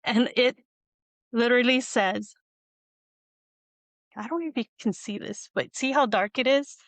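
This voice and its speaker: A woman's voice: on the high side, a little slow, no room sound. A woman hosting a video-call interview, telling a long personal story in a rambling, tearful way with frequent laughs. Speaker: host. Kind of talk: emotional conversational storytelling.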